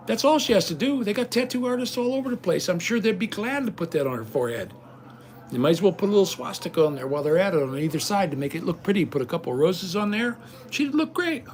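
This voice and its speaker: A man's voice: sits high, expressive, fast talker. A middle-aged man talking casually at home in a vlog, indignant and rambling. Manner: indignant, ranting. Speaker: vlogger.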